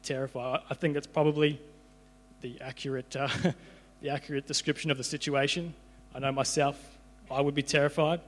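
A man's voice: fairly high pitch, level tone, fairly quick. A young man giving an informal sermon, conversational, often repeating his words as he goes. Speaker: preacher. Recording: hall reverb with mains hum.

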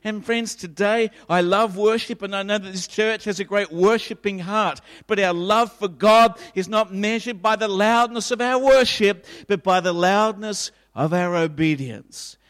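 A man's voice: high voice, measured pace, hardly any pauses, a bit bright, clear, resonant tone, in a large hall. A pastor in his fifties preaching a sermon in a church, emphatic and repetitive.

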